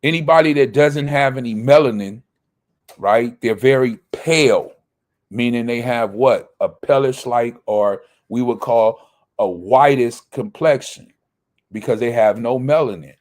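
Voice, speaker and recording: A man's voice: medium pitch, a little slow, a little mellow. A man teaching a Bible study. He reads verses aloud, then explains them, and often asks a question and answers it himself.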